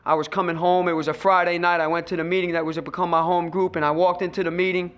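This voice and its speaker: A man's voice: high voice, flat delivery, quick pace, fairly bright tone, clear, resonant tone, muffled recording. A middle-aged man giving his recovery testimony at a meeting, telling his story emphatically, repeating phrases and speaking straight to the listener. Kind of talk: personal recovery testimony to an audience.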